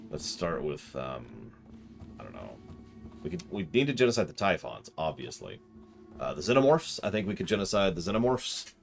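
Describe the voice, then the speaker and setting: Male streamer, deep and gravelly, swings his pitch widely, jokey commentary. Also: moderate pace, over music. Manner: jokey, excitable, with mock disbelief. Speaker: streamer playing a video game. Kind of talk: casual live-stream commentary.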